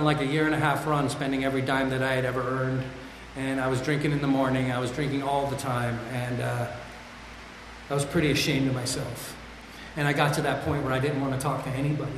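A man's voice: medium pitch, fairly bright tone, slight background noise. A man sharing his own recovery story in a candid, raw, self-deprecating way, speaking to a group at a meeting. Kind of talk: candid personal testimony. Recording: echoey hall with long reverb, faint ambience.

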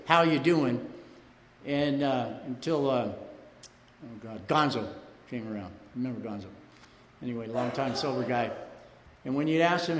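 A man's voice: on the high side, slight background noise. A man sharing his personal story at a recovery meeting, rambling and conversational, often saying "you know" and laughing through his anecdotes. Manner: laughs while telling stories. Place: meeting room. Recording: echoey hall, faint room ambience.

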